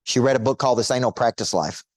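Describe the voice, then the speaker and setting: A man's voice: medium pitch, quick pace, dry recording, studio quality. A middle-aged man coaching an audience in a motivational teaching talk, emphatic and repetitive, firing rhetorical questions at listeners.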